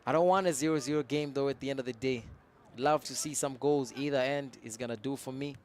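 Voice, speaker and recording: A chatty man calls an amateur soccer match live at a middle pitch, chatting his opinions between plays. His voice jumps into excited shouts when a team attacks, with faint outdoor noise around him. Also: a little fast. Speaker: match commentator.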